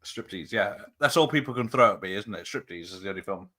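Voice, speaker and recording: Bright-voiced man in casual chat. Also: lowish voice, animated, fast talker. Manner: rattles off film titles, laughs often. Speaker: watch party host.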